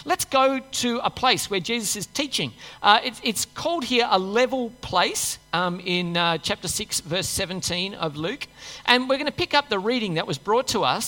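A woman's voice: medium pitch, fairly bright tone. A woman preacher giving a sermon in a church. She reads scripture and talks to the congregation in a conversational way, asking them rhetorical questions. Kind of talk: sermon with Bible reading. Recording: long church-hall reverb.

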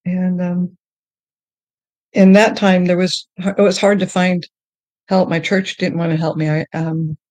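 A woman telling her faith testimony in a podcast conversation, earnest and emotional, often halting and restarting. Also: fairly low pitch, flat delivery, darkish tone, no room sound. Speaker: guest sharing her testimony.

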